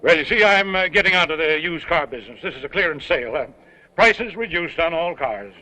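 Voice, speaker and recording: A man's voice: fairly high pitch, lively intonation, fairly quick, bright, forceful tone. An actor playing a fawning con man with flowery, stammering speech in a 1930s comedy film. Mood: scheming. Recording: dull 1930s film soundtrack, faint hiss.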